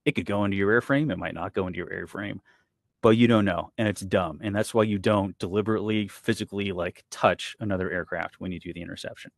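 A former military pilot speaks in a low voice, fired up and exasperated, hammering his points home. The sound is dry and close, with no room around it. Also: quick pace, gravelly, no echo. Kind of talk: animated panel discussion.

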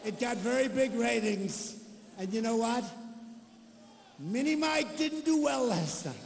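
A man's voice: very high-pitched, expressive, a little slow, creaky, long reverb tail, slight background noise. An older man giving a political rally speech, boastful and repetitive, full of off-the-cuff asides. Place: large arena rally.

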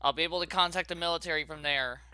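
A man hosting his gaming channel, narrating a horror game as he plays, jittery and saying how scared he is, with sudden loud yelps. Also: fairly high pitch, steady tone, rapid-fire, clean tone. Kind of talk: horror game let's play commentary.

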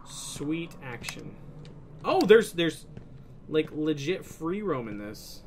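Excitable high-voiced young male gamer. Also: slow, slight background noise. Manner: excitable, swears often, bursts of laughter. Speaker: gaming video host. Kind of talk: let's play commentary.

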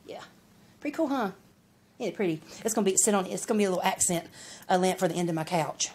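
A woman's voice: mid-range voice, fast talker. A woman chatting casually in a haul vlog, folksy and rambling as she shows off what she bought. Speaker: vlogger.

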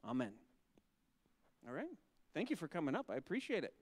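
A male pastor talking gently with children and asking them questions, then reading scripture slowly and solemnly. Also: on the high side, sing-song, no echo.

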